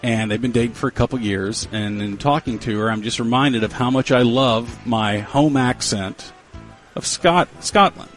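A man hosts a casual radio talk show in a middle-pitched voice, joking and teasing his co-hosts. Faint music plays underneath the conversation. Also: normal speed. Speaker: radio host.

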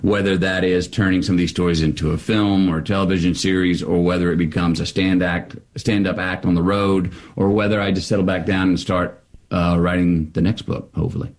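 A middle-aged man, a guest author, telling anecdotes with animated storytelling, laughing and acting out the people he describes. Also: low voice, a little fast. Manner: lively, acts out voices in anecdotes, laughs.

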